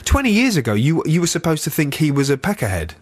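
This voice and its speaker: A man's voice: a little high, sing-song, quick pace, no echo. A man in his forties guest-hosting a radio show, joking and self-mocking in casual chat. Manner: jokey, self-mocking, tries silly accents. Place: radio studio. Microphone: studio microphone.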